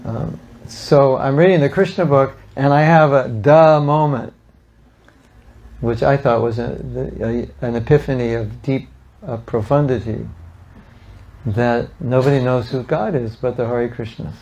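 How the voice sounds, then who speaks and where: An older man telling animated, humorous stories to a devotional gathering, acting out the people he quotes. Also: mid-range voice, a little slow, highs cut off. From United States. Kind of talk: storytelling talk to an audience.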